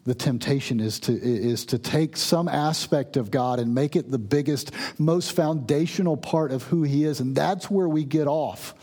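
A man's voice: a little high, normal speed, hardly any pauses, dark tone. A man preaching a sermon, earnestly explaining and reading scripture verses with emphasis. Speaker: pastor.

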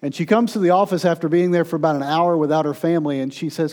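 A man, a pastor, telling stories in a sermon, turning from playful to hushed and tender. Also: a little high, fast talker.

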